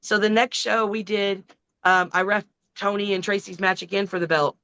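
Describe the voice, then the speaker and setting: A middle-aged woman, a wrestler, telling a long story in a casual, profane, animated way. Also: mid-range voice, moderate pace, low-quality recording. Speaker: wrestling guest.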